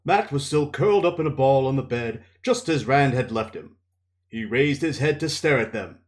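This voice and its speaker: Lively man recapping a book. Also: medium pitch, normal speed, reverberant. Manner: relaxed, thinking aloud with restarts. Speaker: podcast host and reader. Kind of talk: casual book recap and reading aloud.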